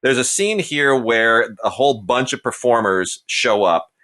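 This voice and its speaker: A man's voice: medium pitch, expressive, a little slow, pushed and bright. A man in his forties co-hosting a podcast, giving casual, opinionated film reviews with emphatic delivery. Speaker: podcast co-host.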